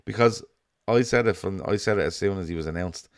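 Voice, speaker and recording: A man's voice: low voice, fast talker, creaky. A man with a Dublin accent co-hosting a football fan show, chatting casually, swearing freely and telling rambling stories. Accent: Dublin Irish. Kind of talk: casual podcast chat.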